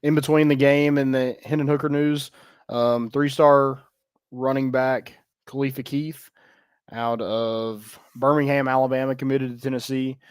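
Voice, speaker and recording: A man co-hosting a podcast, giving sports news in a relaxed, casual way with many fillers. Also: medium pitch, unhurried, smooth, no echo, clean studio sound. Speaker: podcast co-host.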